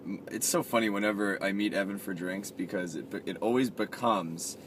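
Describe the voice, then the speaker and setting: A laid-back man co-hosting a casual chat, telling rambling anecdotes. He sits away from the mic in a car, and loud road noise almost covers his voice. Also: lowish voice, fairly even intonation, a little fast, far from the mic. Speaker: podcast co-host. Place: inside a car.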